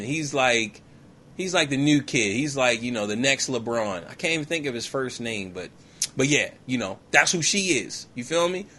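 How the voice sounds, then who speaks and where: Slangy, animated man retelling a movie. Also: mid-range voice, breathy edge. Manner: slangy, animated, riffs with "yo, man" and "you feel me". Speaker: comedic movie recapper. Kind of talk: comedic film retelling.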